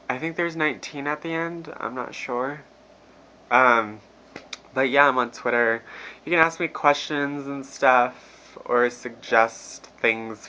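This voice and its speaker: Young man, bright tense voice, swearing constantly, laughing storyteller, dull phone audio. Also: medium pitch. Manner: profane, laughing, animated storytelling. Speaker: vlogger. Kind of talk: casual storytelling rant. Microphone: phone camera.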